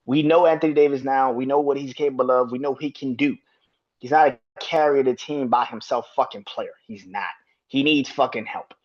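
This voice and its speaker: A man's voice: medium pitch, steady tone, a little fast, lo-fi sound. A man hosting a sports podcast, ranting in a profane, heated way and repeating himself when worked up. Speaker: podcast host. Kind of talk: casual sports rant.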